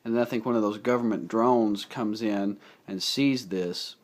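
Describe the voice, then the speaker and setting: Rambling, excitable young man. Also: on the low side, moderate pace. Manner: enthusiastic, rambling, with many fillers. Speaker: movie reviewer. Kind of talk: casual spoken movie recap.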